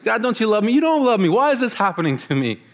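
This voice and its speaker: A man's voice: sits high, sing-song, fast talker, pitched above the performer's own voice. A man voicing a whiny, panicked young man who can't find his keys and pleads to the sky. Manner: whining, pleading.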